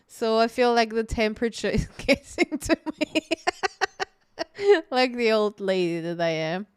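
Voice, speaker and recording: Recorded clean on a streaming mic with no room sound, this podcast co-host chats casually, laughing often and cursing offhandedly. Her fairly high voice is clear and resonant, delivered at a measured pace.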